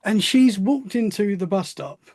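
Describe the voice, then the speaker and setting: A man's voice: high-pitched, lively intonation, a little slow, darkish tone, dry recording, clean studio sound. A man hosting a podcast, chatting casually with an eager, attentive manner. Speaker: podcast host. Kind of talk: casual interview chat.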